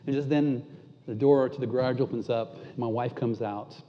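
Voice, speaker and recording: A man preaching a sermon and telling a candid, self-deprecating story. At tender moments he drops almost to a hush. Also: mid-range voice, steady tone, moderate pace, a little hiss or hum. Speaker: pastor. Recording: muffled sound with long hall reverb.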